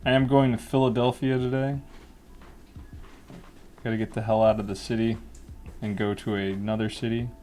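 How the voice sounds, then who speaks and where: A cartoonist casually talking through a drawing lesson in a relaxed, rambling way. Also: male voice, fairly low pitch, normal speed, long pauses. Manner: relaxed, rambling, laughs often.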